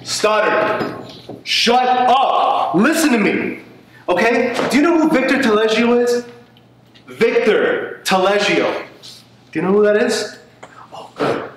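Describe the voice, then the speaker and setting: An acting student performing a volatile, desperate young man who swings between yelling and hushed whispers in a scene. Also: high voice, expressive, measured pace, pauses often, a little hiss or hum. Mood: frantic yelling. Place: acting studio room. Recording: very echoey room.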